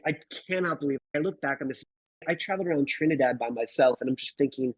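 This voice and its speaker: Husky man, thirties, slangy and laid-back, dry close sound. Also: medium pitch, fast, no room sound, lo-fi sound. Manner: laid-back, swears, says dude and bro. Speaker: guest photographer. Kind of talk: casual storytelling interview.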